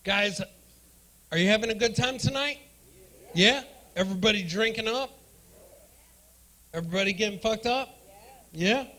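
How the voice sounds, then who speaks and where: A man's voice: sits high, normal speed, pauses often, sharp tone, poor audio. A man doing crude, brash stand-up comedy and crowd work as the emcee on a comedy club stage.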